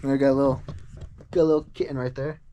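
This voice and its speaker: A young man talking casually in a rambling vlog monologue, full of "like" asides, acting out quoted people in a higher voice. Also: little pitch movement, quick pace, mellow, muffled recording, a little hiss or hum. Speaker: vlogger.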